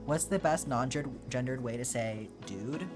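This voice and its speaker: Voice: mid-range voice, moderate pace. Chatty streamer from Georgia, music behind. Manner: chatty, thinks aloud with many "like"s and restarts. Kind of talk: casual chat, reading and answering live chat. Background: background music.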